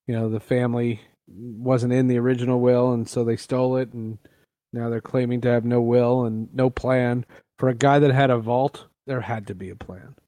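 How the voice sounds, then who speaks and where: A man's voice: medium pitch, warm tone, no room sound. Joking man telling stories, dry sound. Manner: joking storyteller. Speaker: podcast co-host. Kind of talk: casual chat.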